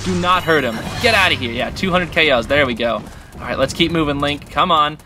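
Excitable high-voiced man playing a game. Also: fairly quick. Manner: excitable, chatty, talks to the game characters. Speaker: gaming channel host. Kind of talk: casual gameplay commentary. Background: game music.

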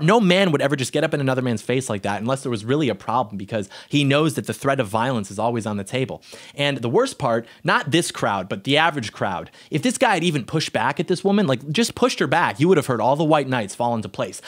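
A man's voice: medium pitch, very animated, fast. A young man in his twenties delivering an indignant, sarcastic opinion monologue as a political commentator.

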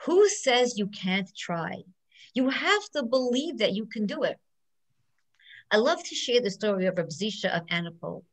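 Middle-aged woman judge, lively storyteller, inspirational talk. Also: fairly high pitch, rough recording. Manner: animated storyteller who acts out quotes. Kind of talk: inspirational speech with stories.

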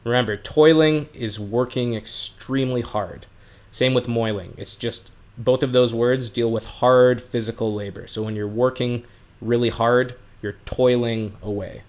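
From home, a man livestreams an English lesson, explaining words plainly and chatting warmly with viewers. His voice is medium-pitched and steady, and he speaks a little slowly.

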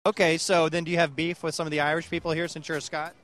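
Deadpan comic host with a bright voice. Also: male voice, on the high side, quick pace. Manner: dry, mock-serious jokes. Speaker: comedy show host and interviewer. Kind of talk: deadpan comic street interview. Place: outdoor festival grounds.

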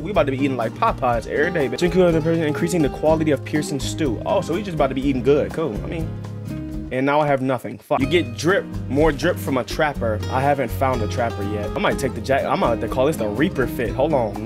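A man's voice: medium pitch, quick pace. Joking gamer guy, game music behind. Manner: joking, rambling, slangy. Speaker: gaming streamer. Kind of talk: casual gameplay commentary.

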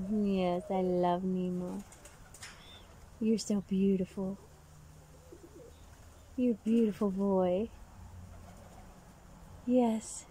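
Woman bird caretaker, unhurried and doting, recorded outdoors with birds calling in the background. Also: medium pitch, warm tone, slight background noise. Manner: doting, coos praise at the bird. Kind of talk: casual chat with a pet bird. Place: outdoors in the sun. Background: birds calling and cooing.

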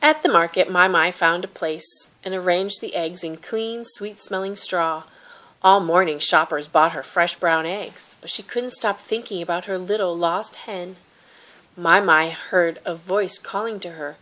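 A woman reading a children's picture book aloud with gentle, expressive narration. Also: lowish voice, unhurried. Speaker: storybook reader.

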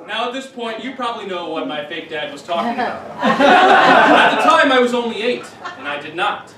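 A man in his twenties performing a self-mocking comic song with guitar, cracking deadpan jokes between lines. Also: high voice, quick pace, slight background noise. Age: 20s. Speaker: singer-songwriter. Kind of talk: comic song with spoken banter. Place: live cabaret stage. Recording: echoey room, distant mic, loud guitar.

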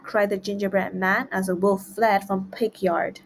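A woman narrating a children's read-along storybook in a clear, rhythmic rhyming voice. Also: mid-range voice, level tone, measured pace, a little hiss or hum. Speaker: storybook reader.

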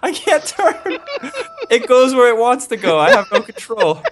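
A man's voice: extremely high pitch, very animated, normal speed. A man co-hosting a gameplay video, joking around in a mock-serious way. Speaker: co-host playing a farming game. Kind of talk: casual gameplay chat.

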